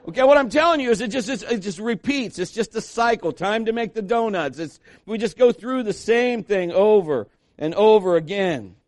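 Male pastor, chatty sermon delivery, slightly high voice, dry sound. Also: normal speed, few pauses, no room sound. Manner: conversational preaching, lively asides to the congregation.

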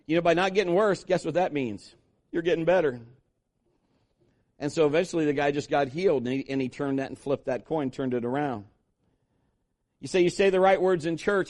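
A man's voice: on the high side, normal speed, pauses often, a little mellow. A man preaching a sermon as pastor, emphatic and repetitive, acting out quoted voices.

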